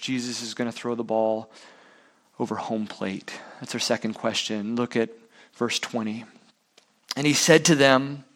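A man's voice: medium pitch, a bit bright. A man preaching a sermon, asking rhetorical questions and using sports analogies. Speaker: pastor.

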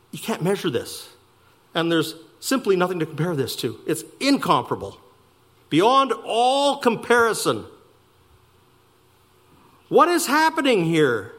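A man preaching a sermon, slowing down to stress key words and speeding through asides. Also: on the high side. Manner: animated preaching, slowing for emphasis and rushing asides. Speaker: pastor.

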